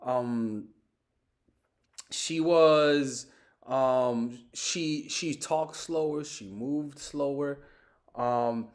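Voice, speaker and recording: A man's voice: mid-range voice, drawn-out words. A young man giving casual dating advice in a monologue, swearing often and repeating himself as he talks. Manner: animated, swears often, repeats and restarts words. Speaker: dating coach.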